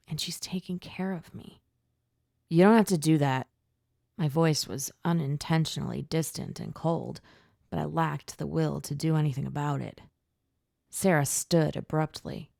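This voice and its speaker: A woman narrating a first-person novel in a measured, steady way. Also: sits low, gravelly, dry recording, studio quality. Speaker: audiobook narrator.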